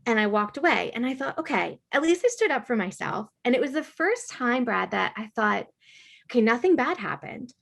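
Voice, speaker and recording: A middle-aged woman, a podcast guest, telling a school story in a casual, animated way, with lots of filler words. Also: fairly high pitch, normal speed, creaky.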